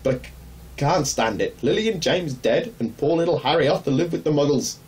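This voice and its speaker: A man doing Hagrid, a rough-voiced gentle giant. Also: fairly high pitch, lively intonation, brisk, pitched above the performer's own voice, lightly acted. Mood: tearful. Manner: rough, earnest, deferential. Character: huge tearful male half-giant groundskeeper. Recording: distant mic, faint hum.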